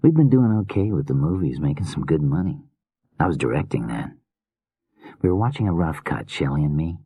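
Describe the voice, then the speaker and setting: A man's voice: extremely low pitch, sing-song, a little fast, mellow, slightly rough, no echo, full character voice. A man voicing an unhinged, weary male killer filmmaker in a slurred whisper, as whispered role-play in an audiobook.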